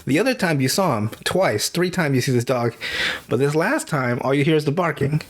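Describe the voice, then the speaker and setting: Speaking briskly in a higher-pitched voice, this male podcaster runs through a film's story with animated, profane energy, breaking into laughter as he goes.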